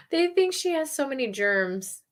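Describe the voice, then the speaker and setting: A woman hosts a casual watch-party stream, talking in a chatty, self-deprecating way. Her pitch moves up and down a lot as she talks. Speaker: livestream host.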